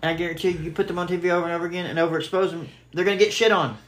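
A man's voice: high voice, steady tone, racing, fairly bright tone. A man co-hosting a casual podcast, chiming in bluntly. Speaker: podcast co-host. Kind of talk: casual wrestling chat. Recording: echoey room, faint background noise.

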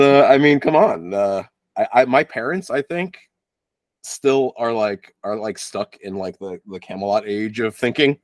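Brief: male podcast co-host, lively pitch swings, dry close mic, quick wisecracks. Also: no room sound. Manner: wisecracking, laughing, lots of fillers. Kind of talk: casual chat.

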